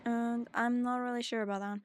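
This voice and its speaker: Her voice fairly high and flat, moving a little fast over a dry recording, a young native German speaker chats while streaming a game. She rambles in a self-deprecating way, her English accent carrying mixed British touches.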